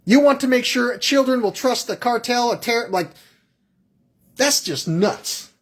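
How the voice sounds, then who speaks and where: Calling in to a radio show, a man with an extremely high, animated voice speaks a little slowly. His rant is rambling, agitated and profane, hopping between ideas and acting out brief exchanges.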